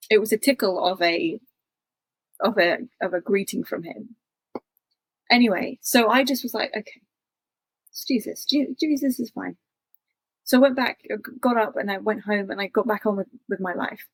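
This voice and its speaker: A woman's voice: medium pitch, no room sound, poor audio. A woman guest telling a personal story in a chatty way, acting out her own past thoughts in quotes. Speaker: interview guest.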